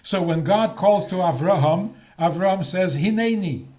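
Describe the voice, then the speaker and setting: A man's voice: high voice, normal speed. An older man, a rabbi, giving a talk on faith with jokes and rhetorical questions. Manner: animated, joking, rhetorical questions.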